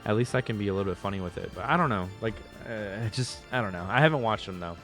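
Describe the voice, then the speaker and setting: A man's voice: fairly low pitch, quick pace, fairly bright tone, faint music behind. A male streamer chatting casually with his viewers, rambling through restarts and fillers.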